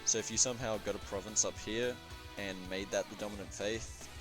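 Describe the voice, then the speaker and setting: A man swearing and chatting excitably while explaining a multiplayer strategy game, sometimes chanting. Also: lowish voice, brisk, music in the background. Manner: profane, excitable, chanting at times. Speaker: gamer in multiplayer session. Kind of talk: casual gameplay commentary.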